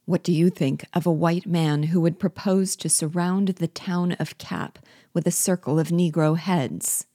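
A woman's voice: lowish voice, unhurried, few pauses, mellow, dry recording, clean studio sound. A woman reading the part of a cold, sardonic male rebel general, mocking and commanding. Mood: menacing.

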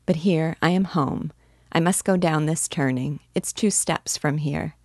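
Woman voicing a gentle young woman, a little teasing, low and dry. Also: measured pace, no echo. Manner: gentle, reassuring.

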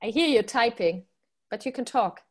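A woman's voice: on the high side, animated, moderate pace, slightly rough. A woman with a German accent co-hosting a live conference stream, speaking with many hesitant fillers. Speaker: conference co-host. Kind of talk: casual live-stream chat.

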